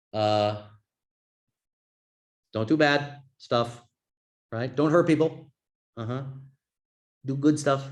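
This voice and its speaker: A man teaching a yoga and Buddhism class in a casual, chatty way, often checking in with "right?". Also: medium pitch. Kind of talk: informal class talk.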